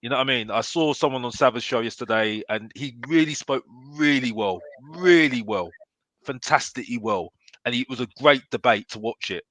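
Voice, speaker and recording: A man talking casually about football, animated and constantly tacking on "yeah?". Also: medium pitch, moderate pace, no echo. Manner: animated, keeps adding "yeah?". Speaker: football podcast guest. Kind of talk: casual chat.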